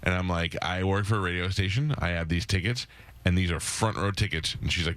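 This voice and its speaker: Radio host guy, talks fast and a bit low, does voices for people in his stories. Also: a bit bright, no room sound. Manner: fast-talking storyteller, acts out quoted voices. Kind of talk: casual radio studio chat.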